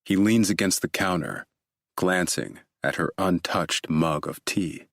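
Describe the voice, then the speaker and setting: A man narrating a thriller audiobook in a steady, measured way. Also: low-pitched, creaky, no echo, clean studio sound.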